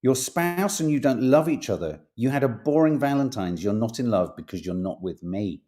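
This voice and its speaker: A man's voice: mid-range voice, animated, moderate pace, dark tone. A man hosting a casual podcast, reading tabloid stories aloud with playful emphasis and jokey asides, swearing now and then.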